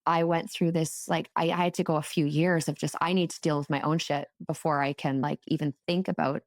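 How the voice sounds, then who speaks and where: A woman guest telling a personal story in a casual podcast chat, animated and chatty, with plenty of "like" fillers. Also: low voice, fairly quick, no echo, clean studio sound. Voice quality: emotional, tearful at moments. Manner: animated, chatty, lots of "like" fillers, laughs and swears while telling.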